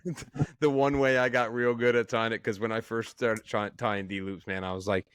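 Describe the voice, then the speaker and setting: A man's voice: medium pitch, little pitch movement, normal speed, clean tone. A man, a podcast co-host, chatting casually about archery gear, laughing and swearing freely. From Canada. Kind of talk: casual chat.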